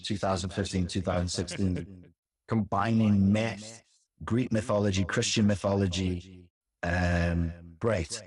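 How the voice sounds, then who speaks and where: A man's voice: lowish voice, darkish tone. A man in his forties, a former teacher, giving opinionated commentary in conversation, stressing points by repeating words. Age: 40s.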